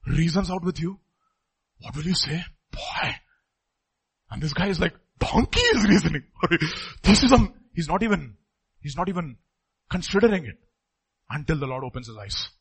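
A middle-aged man preaching a sermon, emphatic, repeating phrases and swinging between loud and soft. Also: high-pitched, lively intonation, moderate pace, long pauses, slightly rough, rough recording.

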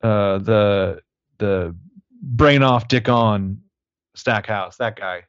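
A man co-hosting a movie podcast, rambling along in a crude, wry way. His voice sits a bit low, and the recording is dry and somewhat dull, with the highs rolled off. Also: drawn-out words, clear, resonant tone, dry recording. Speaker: podcast co-host. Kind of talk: casual movie review chat.

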